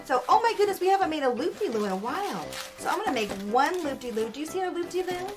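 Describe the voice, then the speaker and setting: A woman hosting a children's show, talking excitedly to small children with lots of gasps and a sing-song delivery. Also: high-pitched, quick pace. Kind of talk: children's program presenting. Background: background music.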